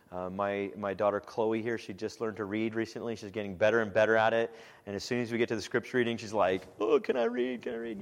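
Male pastor, lower voice, casual teaching talk, reverberant church hall sound. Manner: relaxed and conversational, with frequent "um"s and animated quoted asides.

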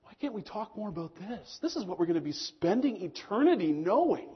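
A man preaching a sermon to his congregation as pastor, swelling on key lines and dropping low and slow for emphasis. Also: sing-song, breathy edge, lo-fi sound.

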